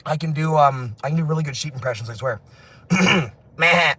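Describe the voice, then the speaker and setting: A man rambling through a livestream while walking city streets outdoors, excitable and laughing, his voice hoarse from screaming. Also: medium pitch, very fast. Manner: excitable, laughing, shouting bursts.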